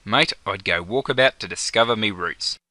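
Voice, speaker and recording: A young man with an Aussie accent takes on the role of Jono, a relaxed mate full of slangy banter, in a comedy sketch. He talks at normal speed in a fairly low, bright, forceful voice without echo.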